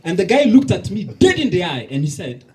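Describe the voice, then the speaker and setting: A man performs stand-up at a live bar comedy night, acting out the people in his stories. His voice sits a little high and swings widely in pitch. Faint noise from the bar hangs in the background. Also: quick pace, poor audio. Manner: animated storytelling with acted-out dialogue.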